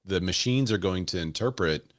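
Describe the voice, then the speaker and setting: A man's voice: sits low, moderate pace. A man hosting a real estate podcast in casual, chatty panel talk, often laughing. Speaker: podcast host.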